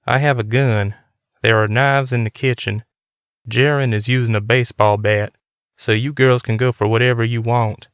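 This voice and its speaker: A man's voice: mid-range voice, fairly even intonation, normal speed, a bit bright, clear, resonant tone, no echo, studio quality, lightly acted. A man doing a bossy, nervous young guy. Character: fidgety young man laying down horror-movie rules.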